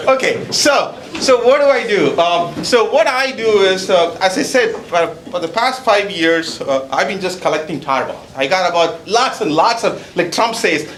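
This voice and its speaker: A man's voice: high voice, expressive, normal speed, few pauses, fairly bright tone, reverberant. A man presenting research at a seminar, chatty and joking, with an accent, often adding "okay?". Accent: non-native accent. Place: seminar hall.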